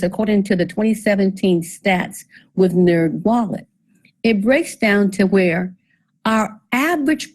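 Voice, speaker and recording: A financial presenter with a mid-range voice leads a seminar on debt, heard through poor audio. She goes through the figures methodically, puts questions to the audience, and gives certain points a dry, sarcastic twist.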